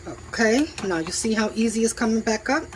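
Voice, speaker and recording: A woman's voice: fairly high pitch, lively intonation, a little fast, noisy background. A woman casually narrating her home cooking for viewers in a chatty, enthusiastic way, talking from her kitchen stove. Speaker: home cook vlogger. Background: food sizzling in a pan.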